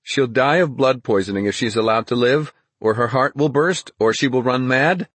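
A man's voice: medium pitch, normal speed, a bit bright, husky, dry recording, voice pushed up. Man doing an earnest young boy prince. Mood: urgent.

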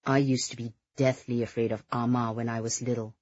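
A narrator voicing a young man confiding a childhood fear in a low-key way. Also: flat delivery, brisk, a little mellow, dry recording, dull audio, close to an everyday voice.

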